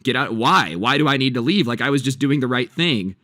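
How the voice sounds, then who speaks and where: A man's voice: medium pitch, animated, brisk, bright, forceful tone, dry recording, studio quality. A man voicing a stubborn, self-righteous old grandmother in a story, speaking indignantly. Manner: indignant, unapologetic.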